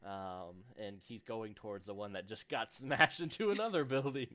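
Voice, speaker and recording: A man serves as game master for a tabletop game, narrating haltingly and filling gaps with lots of fillers. His voice sits on the low side with a sharp tone.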